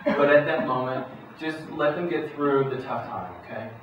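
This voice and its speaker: A middle-aged man giving a talk to parents in a folksy, relaxed way, full of restarts and acted-out quotes. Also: fairly high pitch, moderate pace. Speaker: psychologist speaking to parents. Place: school hall or auditorium. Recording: echoey hall, voice far from mic, dull sound, noisy.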